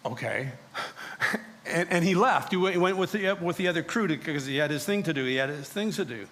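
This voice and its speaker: Male pastor, first-person dramatic sermon storyteller, mid-high voice. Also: big pitch swings, a little fast, a bit bright. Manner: storytelling in character as a biblical prophet, acting out quoted voices. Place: church sanctuary.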